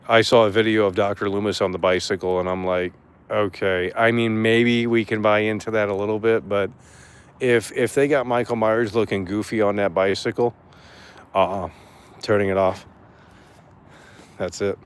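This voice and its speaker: Male streamer, lowish voice, casual excitable rant to chat, swears, stumbles on restarts. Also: clear, resonant tone. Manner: excitable, profane, stammering restarts. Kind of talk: casual livestream commentary reading chat.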